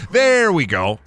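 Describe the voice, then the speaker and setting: A man's voice: high voice, a bit bright. A young man streaming a game, rambling through goofy jokes, swearing, and chatting with his audience. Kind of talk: casual game-stream commentary.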